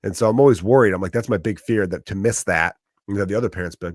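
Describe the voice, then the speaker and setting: A man in his thirties with a Chicago accent delivers a profane, ranting comedy monologue as a podcast host. His voice sits on the low side. The sound is close and dry, with no room around it. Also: quick pace, no room sound.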